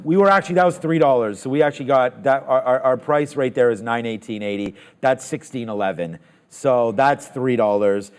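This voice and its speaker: A man hosting a live trading show, calling trades and thinking aloud with quick excitement. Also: medium pitch.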